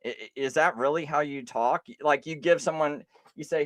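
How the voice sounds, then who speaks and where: Guy on a live stream arguing his point, lively swoopy voice, dry close sound, keeps restarting. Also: a little high, no room sound. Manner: animated, insistent, halting restarts. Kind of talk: casual live-stream argument.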